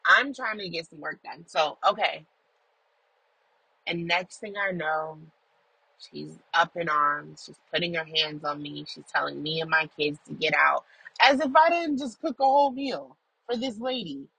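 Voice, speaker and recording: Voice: medium pitch, moderate pace, vocal fry, sharp tone, slightly rough, no echo, rough recording. A person recording a casual audio journal in a car while driving, telling a story in an emphatic, profane way. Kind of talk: casual venting monologue.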